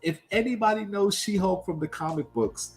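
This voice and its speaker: A man co-hosting a livestream, talking casually about pop culture in an animated, emphatic way full of rhetorical questions. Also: sits high, moderate pace, soft background music. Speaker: livestream co-host.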